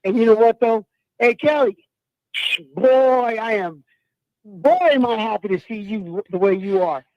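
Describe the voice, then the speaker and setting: A middle-aged man calling into a fan show, ranting loud and fired-up with slangy talk, from the US West Coast. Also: sits high, measured pace, pauses often, no room sound, dull audio. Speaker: caller. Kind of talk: call-in fan rant.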